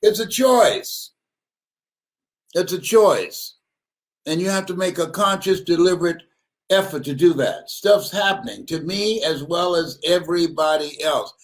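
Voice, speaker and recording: A man's voice: a little high, unhurried. A man giving a motivational sermon. He laughs often and repeats his words for emphasis. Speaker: motivational speaker.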